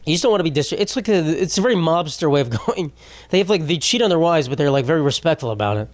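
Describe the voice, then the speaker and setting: A man's voice: on the high side, lively intonation, quick pace, no echo. Profane young man rambling comically. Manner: profane, rambling, self-interrupting. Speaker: podcast host. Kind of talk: comedic monologue.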